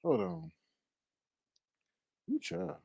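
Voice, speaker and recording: A man hosting casual reaction commentary, teasing and animated, breaking into laughs and drawn-out exclamations. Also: dry recording. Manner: drawn-out exclamations like "Lord have mercy". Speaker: commentary channel host.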